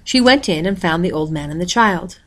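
A woman reading a picture book aloud in a steady, expressive storytelling voice. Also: lowish voice, fairly quick. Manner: steady, expressive, reads page numbers aloud. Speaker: storybook reader.

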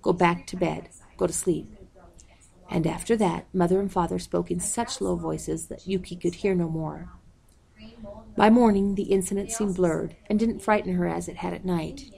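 A woman reading a story aloud at a measured pace, calling out page numbers as she goes. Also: lowish voice, steady tone, gravelly, dark tone. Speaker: audiobook reader.

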